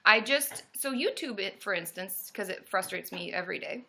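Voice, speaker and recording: A woman therapist hosting a casual live stream from a room at home, greeting viewers by name and breaking into loud cheers. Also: medium pitch, expressive, normal speed, gravelly.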